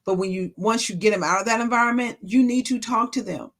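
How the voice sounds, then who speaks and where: A woman's voice: a little high, quick pace, a bit bright. A woman speaking at a ministry, giving an informal, emphatic faith-based talk and repeating phrases for stress. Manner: informal, conversational preaching.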